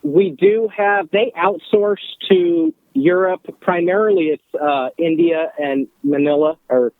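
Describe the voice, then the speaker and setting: A man calling in to a podcast, answering questions in a relaxed, matter-of-fact way. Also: high voice, a little slow, vocal fry, no echo. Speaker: caller, company insider. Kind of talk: phone interview. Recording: tinny phone line.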